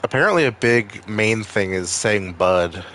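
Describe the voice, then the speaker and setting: A man's voice: fairly low pitch, expressive, measured pace, fairly bright tone. A man with a Maine accent streaming a video game, chatting casually with viewers in a rambling, freely swearing way. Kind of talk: casual gaming stream chat.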